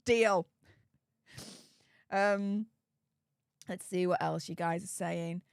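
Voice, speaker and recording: A woman's voice: on the low side, fairly even intonation, drawn-out words, gravelly, clean tone, no echo, studio quality. A woman hosting a casual live stream, chatting and reading out viewer comments, laughing often and repeating herself. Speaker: livestream host.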